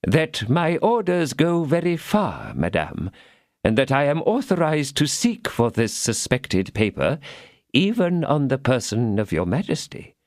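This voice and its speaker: A man reading an audiobook, voicing a dutiful chancellor who speaks firmly, slowly and formally. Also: medium pitch, wildly swooping pitch, darkish tone, no room sound, studio quality, voice pushed up. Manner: firm, slow, formal and courteous.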